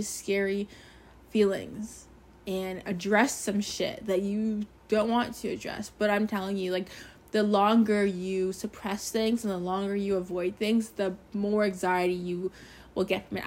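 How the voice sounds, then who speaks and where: A woman's voice: medium pitch, a little mellow. A young woman hosting her own podcast, talking candidly and emphatically about self-love, swearing freely. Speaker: podcast host. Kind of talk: casual solo podcast talk.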